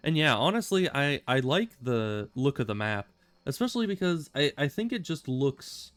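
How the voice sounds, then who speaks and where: A man's voice: medium pitch, very animated, normal speed, fairly bright tone, no room sound. A man streaming a video game, chatting casually and rambling with self-amused asides. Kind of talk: casual gameplay commentary.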